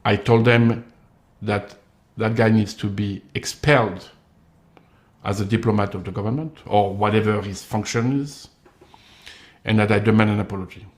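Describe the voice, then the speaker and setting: A man's voice: lowish voice, fairly even intonation, normal speed, roomy sound. Emphatic man with a tinged delivery. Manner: emphatic, accusatory, acts out others' replies. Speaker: commentator. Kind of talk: direct-to-camera monologue.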